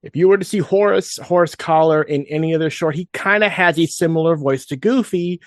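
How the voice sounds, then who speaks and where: A man's voice: on the high side, a little fast, no room sound, clean studio sound. A man co-hosting a casual fan podcast, rambling with frequent restarts and asides. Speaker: podcast co-host.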